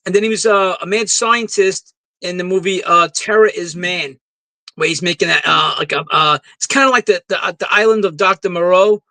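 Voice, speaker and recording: Male co-host, high and crisp voice, eager and halting, dry sound. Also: bright, forceful tone, no room sound, rough recording. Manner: enthusiastic, halting with fillers. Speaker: podcast co-host. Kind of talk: casual film chat.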